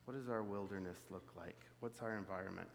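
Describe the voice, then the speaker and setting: Speaking low and a little quickly with vocal fry, this prairie preacher keeps his sermon easygoing and reflective, full of filler words. The hall is reverberant, and there's slight background noise.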